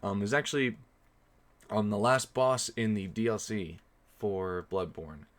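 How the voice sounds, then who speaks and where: A man's voice: on the low side, unhurried. A young man streaming a horror game, chatting casually with viewers in a rambling way full of ums. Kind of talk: casual live-stream commentary.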